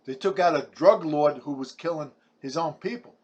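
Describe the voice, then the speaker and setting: A man's voice: a little high, moderate pace, a little mellow, muffled recording. A man, delivering a blunt, combative ranting monologue full of stumbling restarts. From Brooklyn, New York. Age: 70s. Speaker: vlogger.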